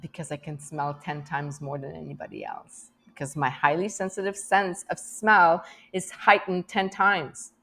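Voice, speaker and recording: A woman's voice: sits low, steady tone, moderate pace, vocal fry, few pauses, a bit bright. A middle-aged woman talking candidly in a personal vlog, emotional and rambling, laughing often and restarting her sentences. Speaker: vlogger.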